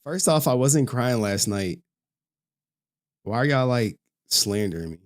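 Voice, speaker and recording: A man's voice: medium pitch, expressive, a little slow. A man chatting casually as a streamer, laid-back and talkative while reacting to a video.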